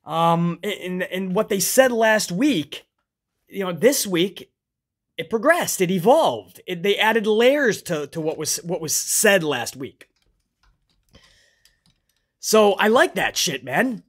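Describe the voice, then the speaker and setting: A man with a slightly higher-pitched voice gives a loose, casual recap as a show reviewer. He swears freely, ends phrases with "man" and talks about himself in the third person. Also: lively intonation, slow pace, a bit bright.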